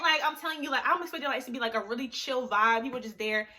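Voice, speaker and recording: A teenage girl telling a storytime vlog in a chatty, animated way, full of fillers and acted-out quotes. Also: a little high, fast talker, hardly any pauses. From Liberian family. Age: teens. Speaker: vlogger.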